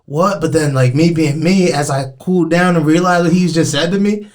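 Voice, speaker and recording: A young man hosting a podcast, telling stories in a lively, slangy way. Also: fairly high pitch, fairly quick, a loud crowd. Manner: animated storyteller, lively slangy delivery. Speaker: podcast host. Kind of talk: casual conversational interview.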